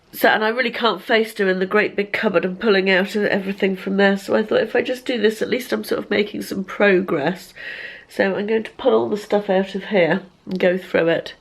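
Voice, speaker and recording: Woman, 50s, vlogger with a cold; hoarse, gravelly, rambling home chat into a camera mic. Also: mid-range voice. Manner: chatty, self-deprecating, rambling. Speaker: lifestyle vlogger. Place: bedroom at home.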